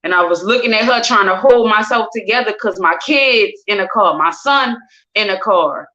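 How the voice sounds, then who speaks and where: A woman's voice: mid-range voice, normal speed. A woman telling a personal story with emotion, acting out what people said in shifting voices. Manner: animated, acts out quotes in different voices. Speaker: guest sharing her story. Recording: dull lo-fi recording.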